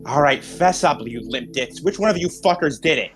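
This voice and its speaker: A furious teenage schoolgirl from a tabletop game, crude and demanding, her voice pitched well above his own lowish register, as a male game master puts her on. Soft music plays faintly behind. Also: lively intonation, moderate pace. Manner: crude, demanding, shouting at the class.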